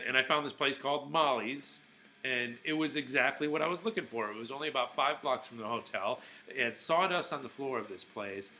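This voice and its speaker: A man's voice: medium pitch, sharp tone, poor audio. A man talking casually in a rambling vlog, with lots of fillers and restarts. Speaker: vlogger.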